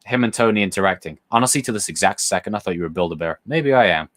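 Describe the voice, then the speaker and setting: A young man hosting a casual live stream, answering chat questions in a rambling, excitable way and swearing freely. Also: deep voice, quick pace. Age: young adult. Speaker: livestream host reading chat questions.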